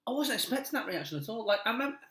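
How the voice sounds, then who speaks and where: Racing along in a high, very animated voice, this middle-aged Manchester comedian rambles through self-deprecating stories in casual chat, laughing while he tells them. There's background noise and a roomy echo on the recording.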